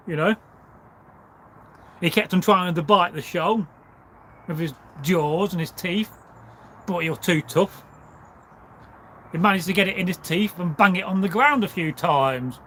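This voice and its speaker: A man with a high, fairly bright voice and a measured pace, broken by long pauses, tells a folk tale on a livestream with a faint hiss or hum in the background. His casual storytelling meanders, packed with asides and "you know" fillers.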